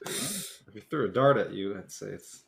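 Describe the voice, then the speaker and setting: A man's voice: on the low side, expressive, moderate pace, vocal fry. A man co-hosting a podcast, adding wry, joking comments in casual chat. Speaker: podcast co-host.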